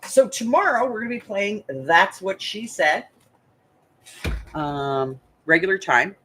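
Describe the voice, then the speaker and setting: A woman's voice: medium pitch, expressive, slow, bright, forceful tone, slight background noise. An older woman from the United States hosting a crafting channel, chatting casually and rambling to her viewers while she thinks aloud.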